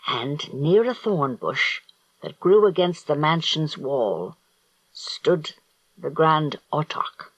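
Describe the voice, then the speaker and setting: Slow, expressive male audiobook narrator. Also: fairly high pitch, breathy edge, dry recording, lo-fi sound. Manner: slow, deliberate storytelling. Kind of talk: scripted narration.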